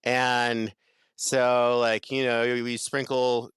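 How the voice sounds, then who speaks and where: A man's voice: medium pitch, flat delivery, very slow, a bit bright, clean tone, no room sound. A man, a chef guest on a podcast, telling a kitchen story in a casual chat, laughing, swearing and repeating words.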